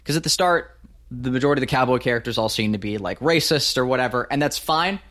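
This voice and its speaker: A man's voice: mid-range voice, fast talker, fairly bright tone. A man in casual chat about a movie, rambling with many restarts and casual swearing. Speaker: podcast co-host. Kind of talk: casual film discussion.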